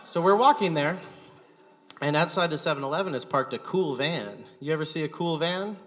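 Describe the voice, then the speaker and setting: Male stand-up host, bright, slightly high voice, wry deadpan storytelling, long hall reverb. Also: normal speed. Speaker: stand-up comedian and show host. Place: gallery venue with live audience.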